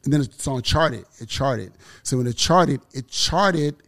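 A middle-aged man from Miami and Houston, with a gravelly edge to his voice, tells stories at a lively clip. He acts out other people's lines and swears freely, like a guest on a podcast. The sound is dry and close. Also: mid-range voice, unhurried, no room sound. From born in Miami, from Houston. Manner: animated storyteller, acts out quotes, frequent swearing. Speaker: music producer guest. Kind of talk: casual podcast storytelling.

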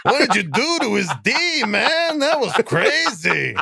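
Man putting on a mellow stoner guy, slow drawl, raised pitch, dry sound. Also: sing-song, gravelly, slightly rough, no echo, heavily acted. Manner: drawling, ends every phrase with man. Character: laid-back stoner dude saying man constantly.

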